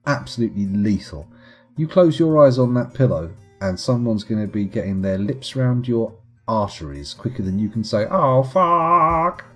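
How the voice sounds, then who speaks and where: A man's voice: on the low side, lively intonation, normal speed, a little mellow, husky, faint music behind. A man streaming live gameplay commentary in a playful, chatty, self-mocking way.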